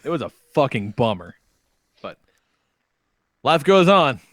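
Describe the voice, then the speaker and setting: A man co-hosting a podcast, telling a game story in casual chat, animated and profane, acting out voices. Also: medium pitch, a little slow, no room sound, studio quality. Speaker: podcast co-host.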